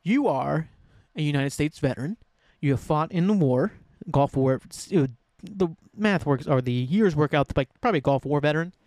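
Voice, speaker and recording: Rambling, excitable man on a podcast. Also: on the high side, normal speed, no room sound, studio quality. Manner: rambling, enthusiastic, self-correcting. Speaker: podcast host. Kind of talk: casual solo podcast chat.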